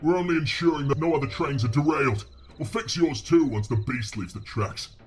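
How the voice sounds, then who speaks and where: An actor playing a cryptic masked man in a video game, cold and ominous, speaking in a low, measured voice. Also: a little hiss or hum, close to an everyday voice. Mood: dismissive. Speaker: game character.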